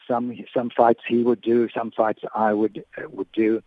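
An older man, a veteran sports broadcaster, phones a radio program to recall old times in a monotone, medium-pitched voice thinned by the telephone. He halts often, repeating words and restarting as he remembers. There's no echo; the sound is dry and close.

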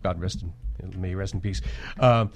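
A man's voice: deep voice, normal speed. A man guesting as a voice actor, telling anecdotes in a casual, laughing interview. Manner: storytelling, laughing often.

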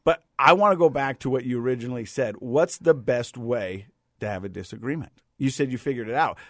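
A middle-aged man from the United States hosting a casual chat, an animated storyteller who often repeats words. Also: medium pitch, fairly quick, dry recording, clean studio sound. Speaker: podcast host.

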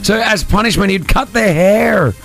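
A man hosting a morning radio show, joking with co-hosts and running a quiz in a quick, upbeat way. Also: high-pitched, vocal fry, fairly bright tone. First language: Arabic. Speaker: radio host.

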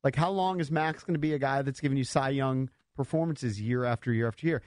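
A man's voice: medium pitch, fast, darkish tone, no echo, clean studio sound. Opinionated sports radio host, man. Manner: opinionated, talks over others. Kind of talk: casual sports talk.

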